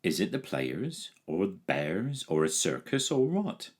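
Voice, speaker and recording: A man reading a storybook aloud, voicing an eager young village boy who shouts his news. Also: low-pitched, very animated, slow pace, heavily acted. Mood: curious.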